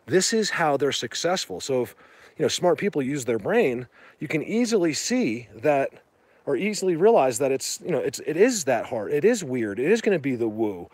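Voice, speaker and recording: A man hosting a casual livestream from outdoors in the rain, talking excitedly to viewers through a handheld phone as he walks. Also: on the high side, moderate pace, dry recording. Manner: rambling, excitable, addresses viewers. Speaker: livestream host. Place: outdoors in woods during rain.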